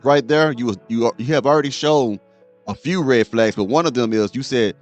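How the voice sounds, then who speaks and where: A man's voice: medium pitch, moderate pace, muffled recording, faint music behind. A man hosting a show, lecturing his audience as he reacts to a clip and repeats "okay?" to drive points home. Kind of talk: reaction commentary.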